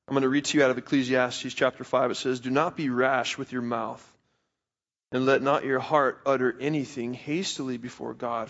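A young male preacher tells family stories in the middle of his sermon, loose and conversational, and he pokes fun at himself. His voice sits at an ordinary middle pitch. The recording sounds a little dull and lo-fi. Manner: conversational storytelling with self-deprecating humor.

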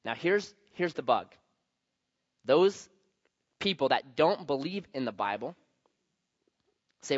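A man's voice: on the high side, very animated, takes it slowly, long pauses, no echo. A male pastor teaches from scripture in an easy, conversational tone. He leans into key words with sudden bursts of emphasis. The recording sounds slightly muffled. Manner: conversational, emphatic, varies loudness for stress. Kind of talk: sermon with anecdotes.

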